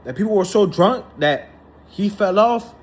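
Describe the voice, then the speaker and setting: A man's voice: high-pitched, a little slow. A man delivering an indignant, heated monologue, repeating himself and hammering his points. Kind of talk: ranting monologue to camera.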